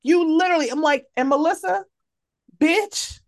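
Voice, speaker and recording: A woman's voice: a little high, expressive, moderate pace. Blunt, profane woman podcast guest. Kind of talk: casual chat.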